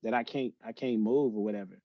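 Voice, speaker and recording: A man with a fairly low voice, talking haltingly and full of restarts as a podcast guest. The sound is dry and close, a little dull and lo-fi. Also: no echo. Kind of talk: emotional personal conversation.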